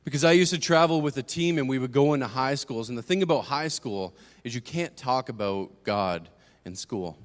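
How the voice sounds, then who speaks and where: A young man giving a personal testimony as a church speaker, moving between hushed and emphatic storytelling. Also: medium pitch, lively intonation, normal speed, hardly any pauses. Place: church sanctuary. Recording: long hall reverb.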